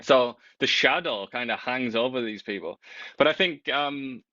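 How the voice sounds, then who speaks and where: A man co-hosting a casual political chat, talking in an animated, wry way with big swings in pitch. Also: a little slow, lo-fi sound.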